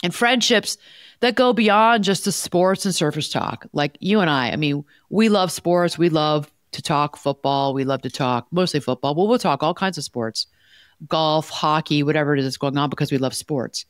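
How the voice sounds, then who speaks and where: A woman's voice: low voice, normal speed, clear, resonant tone, no room sound, studio quality. A woman co-hosting an advice podcast as a life coach, talking in an emphatic, direct way and telling stories with animation.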